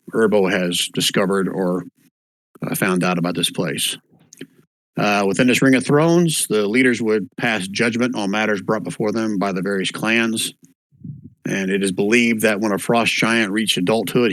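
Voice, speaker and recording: A man's voice: fairly low pitch, a bit bright, no room sound, rough recording. A man running an online tabletop one-shot as game master, easygoing, with lots of fillers, spelling out names as he goes. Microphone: voice chat microphone.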